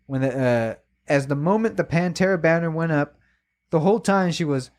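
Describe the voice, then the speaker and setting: A man co-hosting a podcast, telling a story in casual chat, emotional and animated, swearing a lot. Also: a little high, normal speed. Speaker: podcast co-host.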